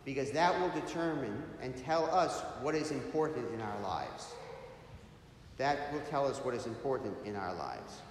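A man's voice: mid-range voice, expressive, moderate pace. A man who is a priest, giving a sermon in a large church in an earnest preaching manner, with rhetorical asides to the congregation. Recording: very echoey hall, faint background hum.

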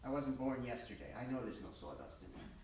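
A man's voice: medium pitch, big pitch swings, fast talker, a little mellow, distant mic, lightly acted. A man playing a stern male night watchman who asks firm, exasperated questions, heard in an echoey church.

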